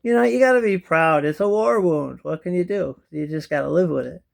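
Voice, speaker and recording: A man's voice: on the high side, a little fast, gravelly. A middle-aged man with missing teeth, rambling to camera in a chatty home vlog from a kitchen chair, often trailing off into a mumble. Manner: chatty, drifting asides, often dropping to a mumble. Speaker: vlogger. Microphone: camera in front of him.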